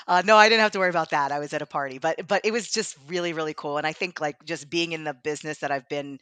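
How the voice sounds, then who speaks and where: A woman's voice: sits low, sing-song, fast, fairly bright tone, clear, resonant tone, no echo. A woman co-hosting a podcast in casual chat, telling stories and laughing often. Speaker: podcast co-host.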